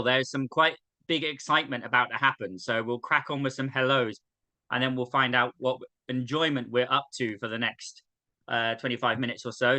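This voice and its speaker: A man hosting a sing-along over a video call, chatty and poking fun at himself as he greets people. His voice is very bright and smooth, set a little high, with a dry close sound. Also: dry recording. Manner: chatty and self-mocking. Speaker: host. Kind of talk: casual welcome and roll call.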